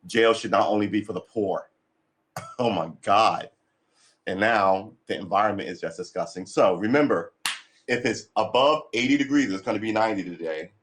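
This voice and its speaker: A man's voice: fairly low pitch, normal speed, a bit bright, slight background noise. A man chatting casually and rambling on his morning livestream, tired and a bit cranky, with lots of sighs and restarts. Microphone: desk mic being adjusted.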